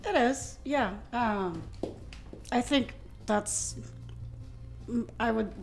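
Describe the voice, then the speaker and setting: A woman's voice: fairly high pitch, drawn-out words, gravelly. A middle-aged woman, a musician and gymnastics coach, speaking reflectively and hesitantly, with many fillers, as a guest in casual conversation. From Ohio, USA. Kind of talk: casual interview chat.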